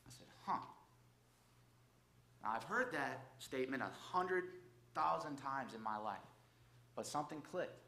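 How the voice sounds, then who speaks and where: Here a church speaker preaches a Sunday message of sermon and personal testimony in a casual, direct way, repeatedly saying "okay?" and "right?". His medium-pitched voice is animated and sharp-toned at a moderate pace. The sanctuary is echoey, with faint ambience behind him.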